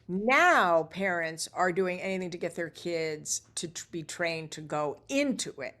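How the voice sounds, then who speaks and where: A middle-aged actress telling lively anecdotes as a guest, acting out the dialogue she quotes. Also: on the low side, measured pace, hardly any pauses. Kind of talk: casual interview storytelling.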